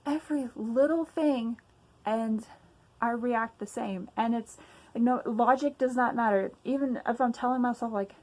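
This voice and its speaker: A young woman vlogger vents in a casual personal rant recorded at home, her voice pitched a little high with a darkish tone. She speaks at a measured pace, agitated and emphatic, sighing often and swearing along the way. The audio quality is poor.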